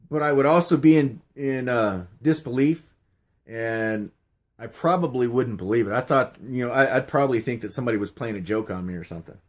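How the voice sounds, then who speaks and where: A man's voice: mid-range voice, a little mellow. A middle-aged man casually telling stories and answering questions on his channel, rambling with many fillers and restarts. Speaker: YouTuber answering a question tag. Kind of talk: casual storytelling vlog.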